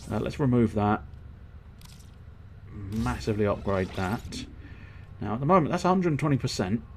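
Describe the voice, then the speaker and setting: A man's voice: medium pitch, expressive, moderate pace, a little mellow, slight background noise. A man streaming a video game who rambles and swears as he thinks aloud while customizing his gear. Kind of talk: casual let's-play commentary.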